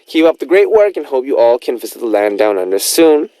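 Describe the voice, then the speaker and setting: Playful male radio DJ with lively delivery. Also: mid-range voice, brisk, no room sound. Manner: playful, teasing, chatty. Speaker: radio DJ host. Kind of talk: radio show hosting, reading listener messages.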